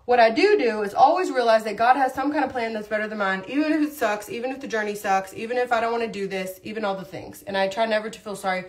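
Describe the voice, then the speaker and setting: Woman, slightly high voice, casual rambling livestream storyteller. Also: fast, hardly any pauses. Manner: rambling, animated storytelling with frequent asides. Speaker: livestream host, mom. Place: at home doing makeup.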